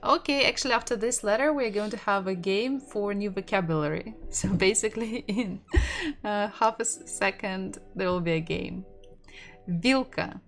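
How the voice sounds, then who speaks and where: A woman's voice: mid-range voice, normal speed. A woman whose first language is Russian, teaching an online language lesson and patiently repeating sounds and words for practice. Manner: chatty asides with light laughs. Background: faint background music.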